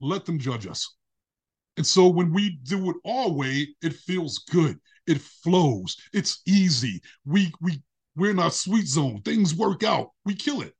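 Husky middle-aged man telling stories. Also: a little high, a little slow. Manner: expressive storytelling, acting out quoted voices. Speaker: podcast guest. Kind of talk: casual interview conversation.

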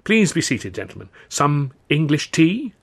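A man voicing a polite, formal lawyer who talks in a measured, slightly hesitant way. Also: fairly high pitch, very animated, creaky, husky, voice pushed up, full character voice. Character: flustered formal male lawyer, polite and fussy.

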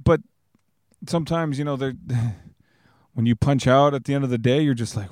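A man's voice: medium pitch, normal speed, long pauses, darkish tone. A man talks on his own podcast, rambling and earnest with plenty of restarts. His voice sits in a middle range, recorded close to the mic in a dry space with no room echo. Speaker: podcast host. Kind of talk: casual solo podcast monologue. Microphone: close to the microphone.

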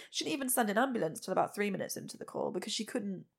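A woman's voice: medium pitch, animated, very fast, gravelly, slightly rough. A woman hosting a true crime podcast, recounting a case in a plain-spoken, blunt way with frank asides. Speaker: podcast host.

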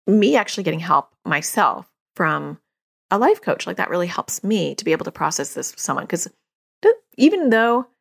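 A woman's voice: lowish voice, sing-song, normal speed, gravelly. A middle-aged woman, a therapist hosting a parenting podcast, talking in a chatty, self-disclosing way with frequent fillers. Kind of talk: casual advice monologue.

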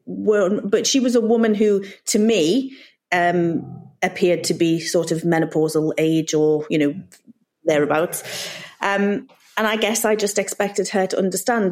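Halting mum in her forties. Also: mid-range voice, a little mellow. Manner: halting, with frequent restarts and nervous laughs. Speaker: podcast guest, mother. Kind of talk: candid personal storytelling.

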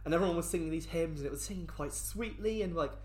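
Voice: mid-range voice, fast, a little mellow. A co-host in casual chat, jokey and self-mocking, laughing in bursts. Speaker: podcast co-host.

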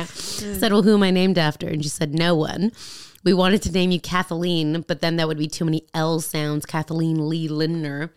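Smooth-voiced woman telling a story. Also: sits low, normal speed. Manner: animated storyteller who acts out quoted voices; swears freely. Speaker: guest comedian. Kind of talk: casual comedy podcast chat.

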